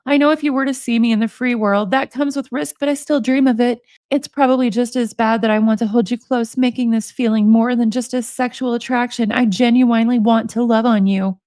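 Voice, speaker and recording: A woman's voice: on the high side, fairly even intonation, brisk, few pauses, warm tone, no room sound, clean studio sound. A woman in her forties reading prison emails aloud and commenting on them, amused and sarcastic, laughing often. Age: 40s.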